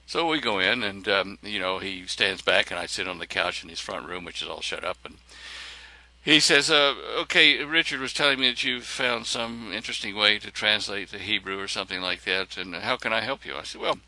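Gravelly man telling an animated story. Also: fairly low pitch, brisk. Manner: animated, acts out other people's lines. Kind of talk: personal storytelling.

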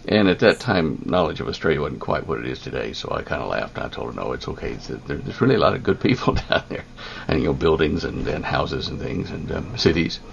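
An older man telling a long personal story, halting, with many ums and restarts. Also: extremely low pitch, expressive, creaky, dull audio, a little hiss or hum. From United States. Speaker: interviewee.

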